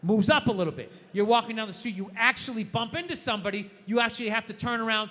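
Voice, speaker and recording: A male stand-up comedian ranting and swearing, swinging from low muttering to shouting. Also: fast talker, hardly any pauses. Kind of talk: stand-up routine. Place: comedy club stage. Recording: noisy stage recording with long reverb.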